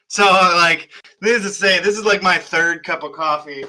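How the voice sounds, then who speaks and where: A man's voice: high voice, unhurried, hardly any pauses, sharp tone, rough recording. A sleepy man in his thirties teaching an online history class, talking casually with lots of fillers and restarts. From United States.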